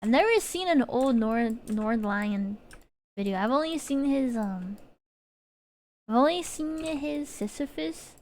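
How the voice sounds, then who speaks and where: A woman's voice: fairly high pitch, animated, unhurried, a little mellow. A woman streamer chatting casually, rambling and giggling, with lots of fillers and restarts. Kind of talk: casual chat while streaming. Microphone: desk mic.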